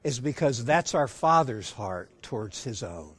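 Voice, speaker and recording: A man's voice: mid-range voice, sing-song, unhurried, a bit bright, slightly rough, no room sound. A man preaching a sermon, drawing in the audience with questions and acting out the dialogue of a family story. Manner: engaging, asks the audience questions.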